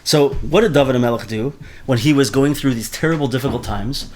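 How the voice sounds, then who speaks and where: A man's voice: medium pitch, a little fast. Man teaching a Torah class. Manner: animated, mixes Hebrew terms into speech, repeats words often.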